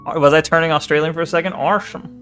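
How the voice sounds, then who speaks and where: Dude streaming a game, joky and sweary, kinda higher voice, faint music behind. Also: male voice, a little fast, a bit bright. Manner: joking, profane, laughs often, reads game text aloud. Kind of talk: casual gaming commentary.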